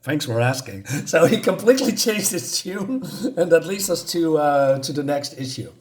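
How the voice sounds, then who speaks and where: A man's voice: fairly high pitch, expressive, moderate pace. Rambling, hesitant man reviewing comics. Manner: rambling, hesitant, recaps the plot loosely. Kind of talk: casual video review.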